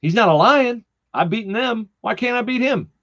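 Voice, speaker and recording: A man's voice: very high voice, moderate pace, voice pushed up, full character voice. A man doing a cocky young shepherd boy. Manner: excited, boastful, slangy. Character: cocky young male shepherd, fearless and eager. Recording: slightly dull lo-fi podcast audio.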